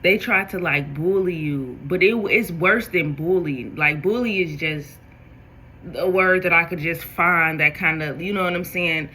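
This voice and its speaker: A woman giving a spiritual tarot reading, talking straight to her viewers in an animated way. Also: fairly low pitch, a little slow, slight background noise, poor audio. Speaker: tarot reader.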